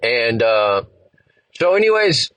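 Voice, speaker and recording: A man's voice: mid-range voice, big pitch swings, slow pace, fairly bright tone, dry recording, low-quality recording. A male podcast host telling a long, rambling, profane story in a laid-back way. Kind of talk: casual storytelling monologue.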